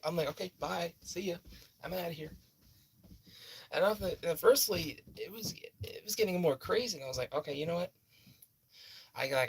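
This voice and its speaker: A young man telling a personal story in a rambling, halting way, full of fillers and restarts. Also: a little high, a bit bright. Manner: halting, repeats himself, many fillers and restarts.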